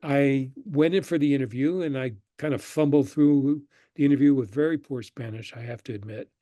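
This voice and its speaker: An older man, a guest on an interview show, telling relaxed stories about his past and acting out the people he quotes. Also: mid-range voice, a little fast, no echo. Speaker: guest, screenwriter and professor. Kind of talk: conversational interview storytelling.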